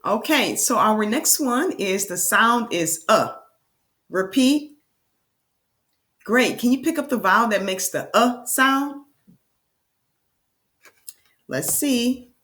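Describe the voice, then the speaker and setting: A woman teacher giving a reading lesson to young children, with slow, enthusiastic, sing-song prompts. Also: fairly high pitch, animated, a bit bright.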